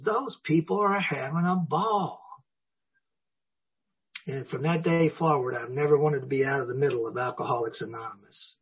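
A man's voice: mid-range voice, husky. An older man speaking at a recovery meeting, telling his story in a folksy way and acting out the dialogue. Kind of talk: personal recovery talk. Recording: dull lo-fi recording.

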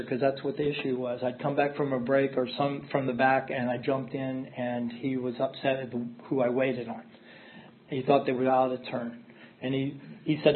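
A man's voice: medium pitch, normal speed, slight background noise. Middle-aged man sharing his story, tinny phone-like sound. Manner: candid, emphatic storytelling with repeated phrases. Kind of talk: recovery meeting share.

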